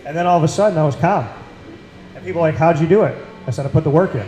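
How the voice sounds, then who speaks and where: A man's voice: fairly high pitch, very fast, mellow, slight background noise. A man hosting a casual talk show with a Central New York accent, speaking in an earnest, emphatic way and repeating phrases for weight. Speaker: podcast host. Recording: echoey room.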